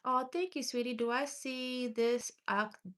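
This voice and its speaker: A woman gives one-card tarot readings on a livestream. She talks casually and affectionately, reading viewers' names and questions aloud while scrolling. Her delivery is loose, with pauses and small restarts. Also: high-pitched, fairly even intonation, fairly bright tone. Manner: chatty and affectionate, calls viewers honey and sweetie. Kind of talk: live tarot reading, answering chat.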